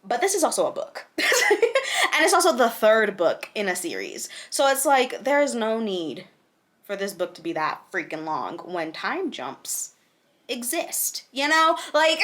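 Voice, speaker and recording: Bright-voiced young woman ranting casually. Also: mid-range voice. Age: 20s. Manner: frank, exasperated ranting with frequent laughs. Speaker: book reviewer. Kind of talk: casual chat.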